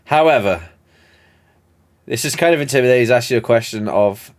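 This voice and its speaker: A male game master narrates a tabletop session in a rambling, hesitant way and laughs often. His pitch moves around a lot while he sets the scene and calls for rolls. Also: lively intonation, fairly quick.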